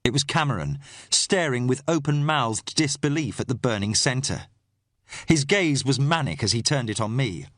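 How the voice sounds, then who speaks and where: Dry, measured male audiobook narrator. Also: medium pitch, animated, a bit bright, no echo. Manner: measured, tense storytelling. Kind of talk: first-person audiobook narration.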